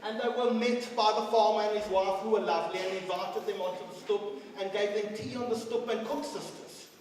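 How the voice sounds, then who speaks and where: A middle-aged man giving a speech and telling stories, swinging dramatically between loud and quiet. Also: sits high, steady tone, a little fast. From South Africa. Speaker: guest speaker. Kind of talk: storytelling speech. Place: large school hall. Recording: echoey hall from far off.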